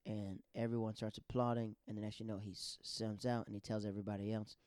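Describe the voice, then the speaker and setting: Animated man telling stories on a podcast. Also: lowish voice, fast, no room sound, studio quality. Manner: animated, slangy, acts out the quotes. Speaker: podcast host. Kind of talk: casual storytelling.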